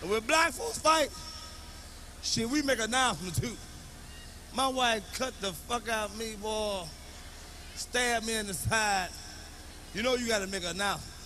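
A man telling profane stand-up comedy stories to a live audience, often shouting. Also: sits high, normal speed, pauses often, a little hiss or hum.

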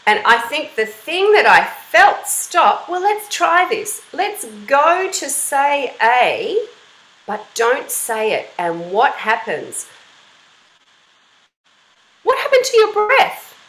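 Slow and high, her voice swoops wildly in pitch, recorded in poor, reverberant audio. She's a woman from Australia leading an online children's voice class, encouraging and bright, storytelling and singing out examples.

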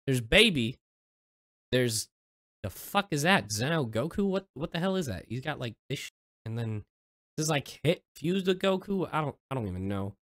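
A man's voice: mid-range voice, big pitch swings, moderate pace, a bit bright, dry recording, studio quality. A man hosting a reaction video in casual commentary, exasperated and swearing, with sarcastic asides.

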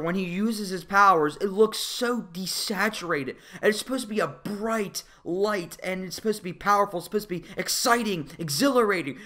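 A young male movie reviewer in a casual rant, his voice leaping up and down with lively swings in pitch. He curses often and sounds fed up, venting rather than analyzing. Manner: profane, exasperated ranting.

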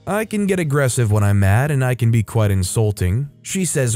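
A man reading online stories aloud as a narrator, in a steady, conversational way. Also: mid-range voice, normal speed, hardly any pauses, faint music behind. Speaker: story narrator.

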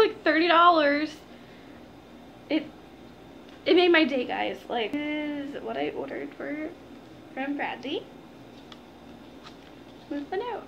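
A woman's voice: high voice, lively intonation, takes it slowly, gravelly, long pauses, a bit bright, dull audio, slight background noise. A young woman chatting to her viewers in a casual unboxing vlog, gushing and giggling, calling them "guys". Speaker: vlogger.

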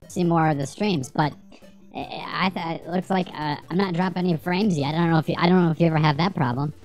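A woman's voice: sits low, steady tone, fast talker, darkish tone, faint music behind. A woman streaming a retro game, rambling, swearing and joking with her chat as she plays. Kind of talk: casual livestream gameplay commentary.

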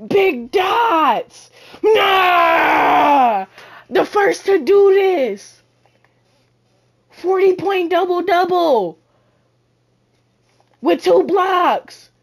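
A woman giving loud, boastful trash-talk commentary while playing a basketball video game, often shouting. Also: very high-pitched, expressive, drawn-out words, creaky, pauses often. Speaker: gamer. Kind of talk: live gameplay commentary.

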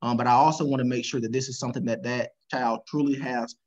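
A man's voice: mid-range voice, fairly even intonation, fast talker, a little mellow. Man, panelist on a video call, earnest, slightly muffled sound. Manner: earnest, with many fillers and restarts. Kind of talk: panel discussion answer.

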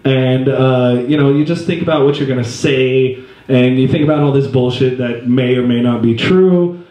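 A man's voice: medium pitch, normal speed, dark tone. A man in his twenties doing stand-up comedy in a live venue, rambling and self-deprecating, jumping into voices. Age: 20s. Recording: roomy stage sound.

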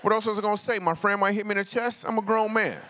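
A man's voice: sits high, fairly even intonation, fast, pushed and bright, a little hiss or hum. Man telling funny stories in a reverberant church. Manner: loose, slangy, conversational delivery with punchlines. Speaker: comedian and guest speaker. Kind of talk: comedic storytelling talk to a church congregation. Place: large church auditorium. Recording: long reverb of a large church hall.

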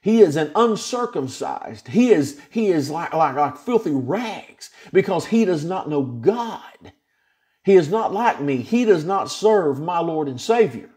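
A male pastor leads an informal Bible study, paraphrasing scripture in a folksy, everyday manner. His voice sits fairly high for a man and swoops up and down with lively expression. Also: measured pace. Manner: folksy, animated retelling with plain-spoken paraphrases.

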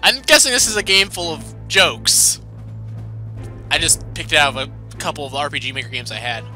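A man hosting a let's play, making quick joking asides about the game as he reads it. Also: fairly high pitch, pushed and bright, soft background music. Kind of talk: casual gameplay commentary.

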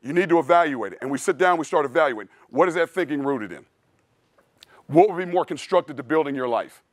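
A man's voice: on the high side, animated, fast talker, no room sound, clean studio sound. A male strength coach giving a blunt, preachy clinic talk in a casual way, often calling listeners "dude". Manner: casual, says "dude" a lot. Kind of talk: clinic presentation.

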